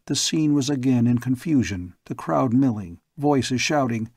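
A man narrating a pulp science fiction story aloud in a slow, measured storybook reading. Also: mid-range voice, expressive, darkish tone, husky, dry recording, clean studio sound. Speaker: audiobook narrator.

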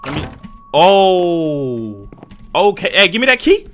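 A young man giving jumpy, excitable, slang-filled commentary while playing a horror game and talking to his viewers. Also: high voice, slow pace, a little hiss or hum. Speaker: gaming YouTuber.

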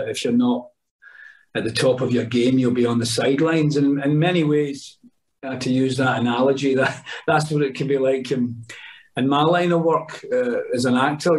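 A middle-aged Scottish man, an actor, telling rambling anecdotes on a podcast, with lots of restarts and asides. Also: medium pitch. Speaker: actor guest. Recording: voice a bit distant from mic.

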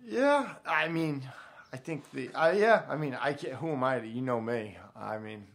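A man's voice: medium pitch, animated, moderate pace, fairly bright tone. A man co-hosting a casual sports podcast, speaking in loose, hesitant, profane banter. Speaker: podcast co-host.

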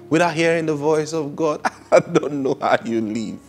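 A man with a Nigerian English accent preaching a sermon, animated and laughing, swinging from loud exclamations down to hushed asides. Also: a little high, moderate pace, soft background music. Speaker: pastor.

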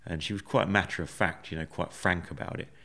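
Low-voiced man telling his story. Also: fairly even intonation, vocal fry, sharp tone. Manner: measured, reflective, with many fillers. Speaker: podcast guest. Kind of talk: conversational storytelling.

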